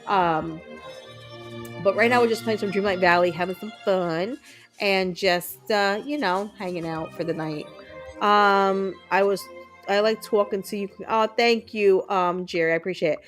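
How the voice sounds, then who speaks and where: Woman streamer, mid-pitch, casual rambling chat over gameplay, faint game music underneath. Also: a little slow, rough recording. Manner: chatty, upbeat, many ums. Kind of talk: casual chat while gaming.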